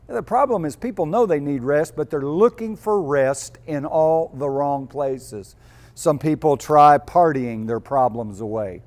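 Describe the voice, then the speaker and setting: A man's voice: a little high, lively intonation, a little slow, darkish tone. A male pastor preaching a sermon, telling homespun stories and building to emphatic peaks.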